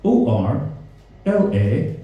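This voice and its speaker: A man's voice: mid-range voice, very animated, extremely slow, lo-fi sound. Sweary Belfast man doing stand-up. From Northern Ireland. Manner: sweary, mocking crowd banter. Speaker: stand-up comedian. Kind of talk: stand-up comedy set. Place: comedy club stage before a live audience. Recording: very echoey room, voice from a distance.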